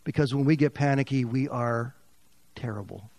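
A man preaching a sermon as pastor, swinging from loud, raised passages to quiet, near-whispered lines. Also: mid-range voice, moderate pace.

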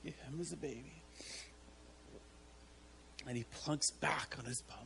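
A man preaching a sermon to his church, halting and repeating words as he tells a story, often breaking into laughter. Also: medium pitch, vocal fry, noisy background. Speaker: pastor.

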